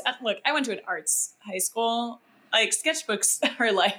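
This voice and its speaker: A young woman co-hosting a casual podcast, chatting about a TV episode. Her tone is bright and forceful, and she talks in an animated way with plenty of fillers. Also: fairly high pitch, moderate pace. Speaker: podcast co-host. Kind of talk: casual chat recapping a TV episode.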